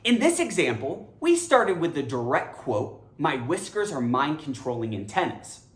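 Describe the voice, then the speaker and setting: A woman's voice: sits low, big pitch swings, normal speed. A woman teaching English grammar, upbeat and emphatic in a teacherly way. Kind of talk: educational explainer. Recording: echoey room.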